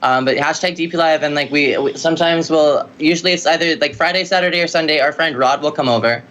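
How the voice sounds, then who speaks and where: A woman musician telling stories in a casual interview, rambling and lively with lots of filler words. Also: low-pitched, fast talker, dull audio. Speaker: musician guest.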